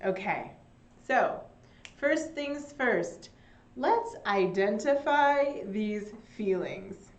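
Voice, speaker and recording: A young woman teaching an English lesson online, speaking slowly and brightly and adding Spanish glosses for her learners. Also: mid-range voice. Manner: slow and animated, with Spanish glosses. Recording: echoey room.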